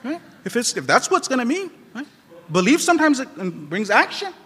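A man preaching a sermon to a congregation, animated and quoting Arabic scripture. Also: extremely high pitch, a little fast, slightly rough, in a large hall. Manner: animated, acts out quoted dialogue.

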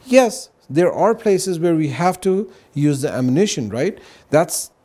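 A man's voice: a little high, very animated, a little slow, warm tone. A man speaking as a guest on a religious talk show, explaining earnestly and often checking in with "right?" and "you know".

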